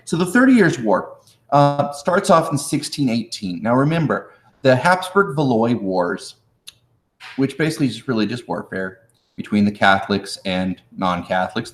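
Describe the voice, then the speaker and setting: A man's voice: lowish voice, animated, moderate pace. Male history teacher, casual and jokey, reviewing for an exam; roomy echo. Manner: casual, joking, talks to viewers in chat; acts out historical figures in slangy voices. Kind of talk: live-streamed exam review. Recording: echoey room.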